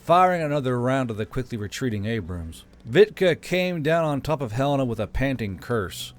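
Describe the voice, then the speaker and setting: A male storyteller reading a story aloud at a mid pitch. His delivery is steady and measured, with no showy flourishes. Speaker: audiobook narrator. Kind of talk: scripted story narration.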